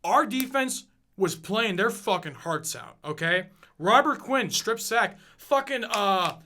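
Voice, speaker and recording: Casting: high, bright-voiced man in his 20s, profane podcast host, rants with fired-up emphasis. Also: animated, takes it slowly. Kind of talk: casual sports rant.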